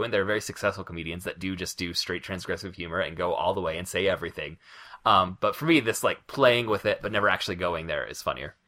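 A man co-hosting a podcast, eagerly retelling comic scenes and explaining what makes them funny. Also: deep voice. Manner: lively, retells scenes with relish. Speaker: podcast co-host. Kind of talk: casual chat.

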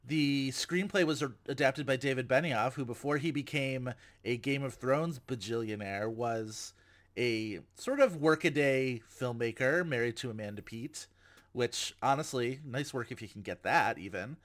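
A man's voice: mid-range voice, normal speed, a bit bright. Wry, joking male podcast host. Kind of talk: casual chat.

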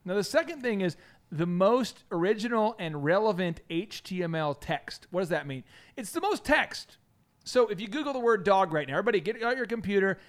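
Lively high-voiced joking man. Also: a little fast. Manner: animated, jokey, bursts into silly high voices. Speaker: podcast host. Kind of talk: comedic business podcast chat.

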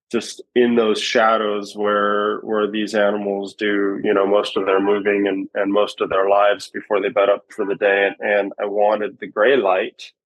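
A man's voice: fairly low pitch, dry recording, poor audio. A man talking as a podcast guest, reflective and rambling, with many fillers and restarts. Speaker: guest, bowhunter. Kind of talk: casual podcast conversation.

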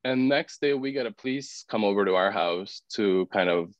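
Male podcast guest, low voice, casual storyteller who voices the people in his story; dull, dry recording. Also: normal speed, no room sound. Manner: expressive, acts out other people's words; filler-heavy, frequent "like".

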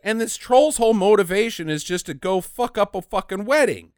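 A woman's voice: medium pitch, expressive, fairly quick, a little mellow, no room sound, studio quality. A woman co-hosting a podcast, riffing on a movie in a casual, profane, jokey way. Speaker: podcast co-host.

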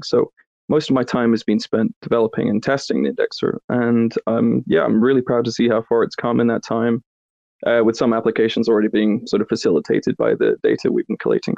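A man introducing himself as a software engineer, brief and modest. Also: medium pitch, creaky, no room sound. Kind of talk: casual self-introduction. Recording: dull, dry lo-fi audio.

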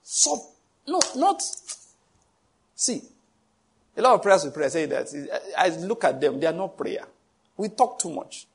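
Husky-voiced preacher man. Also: a little high, animated, brisk. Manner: emphatic, asks the congregation questions. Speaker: pastor. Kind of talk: sermon.

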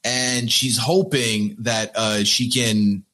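A man co-hosting a podcast in casual chat, animated and putting on mock voices now and then. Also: mid-range voice, takes it slowly. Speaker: podcast co-host.

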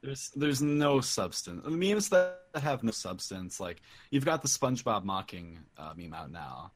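A man co-hosting a podcast in laid-back casual chat, pausing to search for words. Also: fairly low pitch, big pitch swings, music in the background. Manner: laid-back, hunting for words, slow when explaining.

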